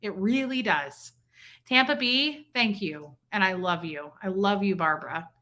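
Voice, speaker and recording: A woman's voice: mid-range voice, expressive, a little slow, bright, forceful tone. A young woman hosting a livestream, effusively thanking viewers by name as she reads their messages. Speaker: livestream host. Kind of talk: casual livestream chat reading donations.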